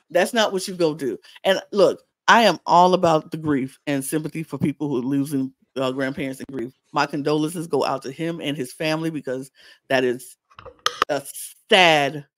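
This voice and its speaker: A podcast co-host giving a casual reality-TV recap. The speaker sounds incredulous and animated and repeats lines for emphasis. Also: medium pitch, moderate pace, dry recording.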